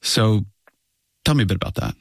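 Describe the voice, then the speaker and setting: A male interviewer asking thoughtful, measured questions. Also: fairly low pitch, lively intonation, creaky, dry recording, studio quality. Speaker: interviewer, host.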